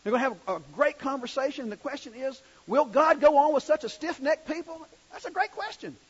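A man's voice: very high-pitched, brisk, muffled recording. A male preacher giving a sermon in a conversational way, asking the congregation questions as he reads scripture.

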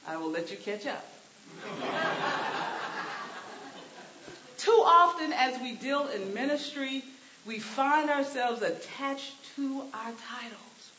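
Expressive woman preaching in an echoey room. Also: sits high, slow, long pauses. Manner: expressive, swings from hushed to emphatic. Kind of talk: sermon. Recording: echoey, dull sound with faint hiss.

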